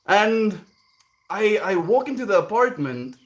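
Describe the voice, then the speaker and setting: A man's voice: sits high, very animated, measured pace. A man, streaming and telling a story casually, rambling and repeating words as he goes. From South Africa.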